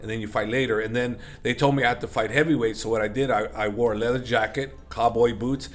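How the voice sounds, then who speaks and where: A man's voice: mid-range voice, fairly even intonation, quick pace. A middle-aged man, an interview guest, telling stories in a rambling, casual way with many fillers and self-corrections. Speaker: interview guest, MMA coach.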